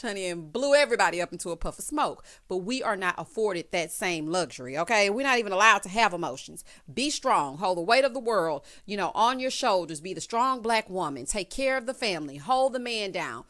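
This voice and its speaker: A woman hosting a casual recap of a reality show, sassy and animated, often calling viewers honey. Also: mid-range voice, moderate pace.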